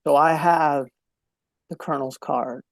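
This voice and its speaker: A man's voice: fairly high pitch, fairly even intonation, measured pace, gravelly, no echo. A man speaking as a podcast guest, telling a heartfelt story in an earnest way and repeating key phrases for emphasis.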